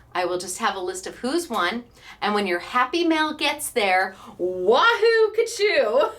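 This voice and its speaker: A woman's voice: medium pitch, a bit bright. A woman hosting a craft class, chatting to online viewers in a bubbly way and laughing often. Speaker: craft store host. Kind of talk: casual chat to online viewers.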